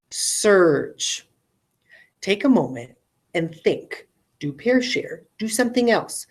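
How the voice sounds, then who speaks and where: A woman's voice: on the low side, low-quality recording. Woman teacher stretching out phonics sounds. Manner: stretches out word sounds slowly, asks rhetorical checks. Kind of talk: recorded phonics lesson for classrooms.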